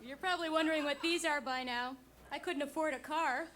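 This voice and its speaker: A woman's voice: high-pitched, brisk, background noise. A woman comedian with a guitar doing a stand-up set, chatty and giggling between jokes, on a 1980s club recording. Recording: 1980s VHS club recording with music and crowd. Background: audience laughter and music.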